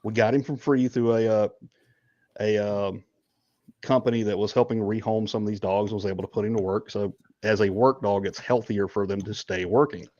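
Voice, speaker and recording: A man's voice: fairly low pitch, steady tone, normal speed, mellow, no room sound, highs cut off. A man co-hosting a podcast, telling a long story in a casual, joking way with lots of ums. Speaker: podcast co-host.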